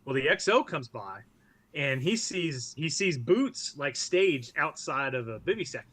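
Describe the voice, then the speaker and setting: A man's voice: on the high side, big pitch swings, a little slow, fairly bright tone, no room sound. A man, a military veteran, telling war stories as a podcast guest in a blunt, profane way. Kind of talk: casual podcast interview.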